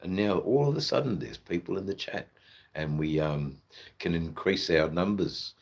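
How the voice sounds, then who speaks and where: A man's voice: low voice, moderate pace, creaky. A man with an Australian accent chatting loosely to his live chat, rambling, swearing and filling gaps with ums and uhs. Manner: rambling, loose and profane, full of fillers. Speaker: livestreamer. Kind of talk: casual live-stream chat.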